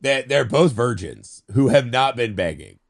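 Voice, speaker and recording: A man co-hosting a casual movie podcast, retelling scenes in an animated way and acting out lines. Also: mid-range voice, measured pace. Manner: animated retelling of scenes with acted-out quotes and laughs. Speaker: podcast co-host.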